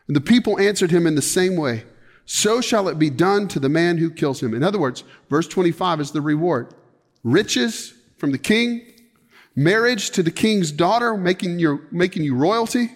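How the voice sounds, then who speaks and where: A man preaching a sermon, retelling a scripture story with lively acted-out quotes and casual slang asides. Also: a little high, moderate pace, big-room sound. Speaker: pastor.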